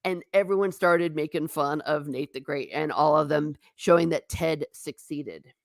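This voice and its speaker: A woman's voice: low voice, normal speed, creaky, no room sound, clean studio sound. A woman talking casually in a live stream review, eagerly acting out lines from scenes as she goes. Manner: animated, acts out quotes from scenes. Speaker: TV show reviewer.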